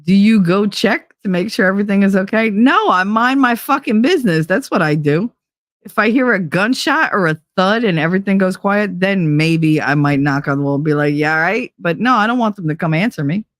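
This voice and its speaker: A woman's voice: medium pitch, expressive, fairly quick, dry recording. A young adult woman streamer chatting casually while reading quiz questions aloud, blunt, joking and full of profanity. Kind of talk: casual chat reading online quizzes aloud.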